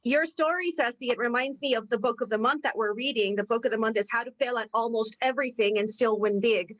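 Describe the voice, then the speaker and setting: A woman's voice: on the high side, quick pace, a bit bright, poor audio. Woman co-host drawing a lesson. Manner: reflective, ties stories to a lesson. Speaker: podcast co-host. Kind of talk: casual podcast hosting.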